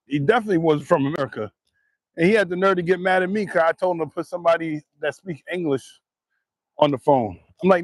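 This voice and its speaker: A man telling a story in a profane, animated casual rant. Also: a little high, dry recording. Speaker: vlogger.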